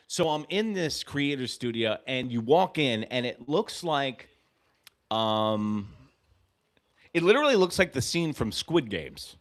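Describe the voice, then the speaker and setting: A man hosting a live baseball fan stream, telling profane stories and breaking off to call plays excitedly. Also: medium pitch, a little slow. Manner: animated, profane storytelling with excited play calls. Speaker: host of a fan sports show.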